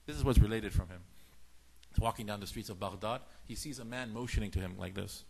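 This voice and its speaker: A man's voice: fairly low pitch, fast, vocal fry. A man giving a lecture on faith in sermon style, telling stories and acting out the lines of the people in them. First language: Farsi speaker. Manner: animated storytelling, acts out dialogue in shifting voices. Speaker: religious teacher.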